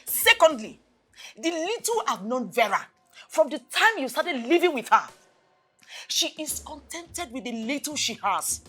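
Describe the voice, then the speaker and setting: A woman with a Nigerian accent playing a stern, preachy mother who scolds and shouts at her daughter in a film drama. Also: sits high, sing-song, a little slow, faint music behind, exaggerated voice. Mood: shouting.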